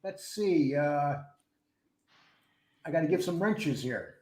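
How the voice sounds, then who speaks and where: A man's voice: fairly high pitch, animated, slow pace, a little mellow, breathy edge. A man hosting a live stream in a casual, chatty way, greeting viewers by name one after another. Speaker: host of a live stream show.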